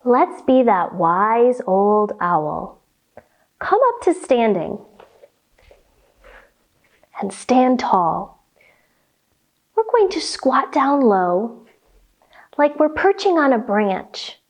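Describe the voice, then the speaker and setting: Slow, sing-song woman yoga storyteller. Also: fairly high pitch, sing-song. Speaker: children's yoga teacher and storyteller. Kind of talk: storytime read-aloud with yoga instruction.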